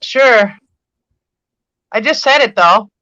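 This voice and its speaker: A woman's voice: a little high, expressive, slow, bright, forceful tone, dry recording. A woman hosting a live stream, chatting casually and laughing often. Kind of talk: casual chat. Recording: dull lo-fi dry sound.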